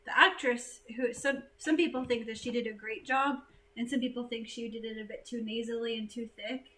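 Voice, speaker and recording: A woman from the United States hosting a casual livestream chat, chatty and animated, laughing easily. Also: fairly high pitch, a little fast, slight background noise, low-quality recording.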